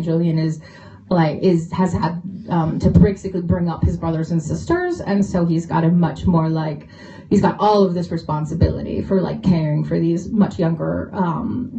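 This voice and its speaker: A woman's voice: lowish voice, warm tone. A woman author answering audience questions at a bookshop event, chatty and laughing, with many fillers. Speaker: author on a panel. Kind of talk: casual panel Q&A talk. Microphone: phone recording from the audience. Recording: dull lo-fi phone recording.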